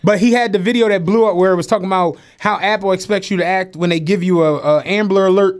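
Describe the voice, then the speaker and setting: A man's voice: high voice, steady tone, fast. A man co-hosting a podcast in casual chat, slangy, laughing often and acting out quotes in funny voices. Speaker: podcast co-host.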